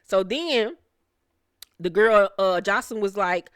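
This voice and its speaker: Woman reviewer recapping reality TV, brash and foul-mouthed, close dry sound, mid pitch. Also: animated, takes it slowly, smooth, no room sound. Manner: brash, profane, laughs often. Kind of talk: casual recap commentary.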